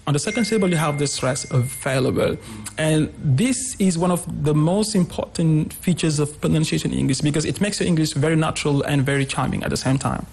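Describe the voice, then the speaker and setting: A man's voice: fairly high pitch, racing, creaky, hardly any pauses, darkish tone, slight background noise. A man, an English teacher explaining pronunciation patiently in a radio interview and repeating example words.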